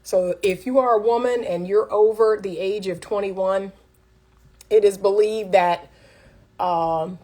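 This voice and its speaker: A woman's voice: mid-range voice, slow, dark tone. A middle-aged woman coaching on relationships in a casual livestream, speaking directly and like a teacher to her viewers. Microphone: phone livestream.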